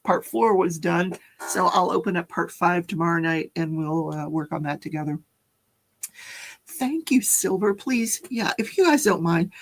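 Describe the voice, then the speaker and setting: A woman's voice: fairly low pitch, gravelly. An older woman hosting a casual live stream, chatty and rambling, laughing often as she talks.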